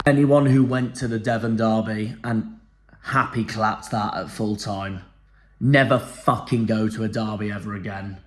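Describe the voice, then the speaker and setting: A man's voice: fairly low pitch, fairly even intonation, measured pace. A man with a Cornish accent, a football fan vlogger, giving a furious, sweary post-match rant. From Cornwall. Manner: furious, sweary, repetitive ranting.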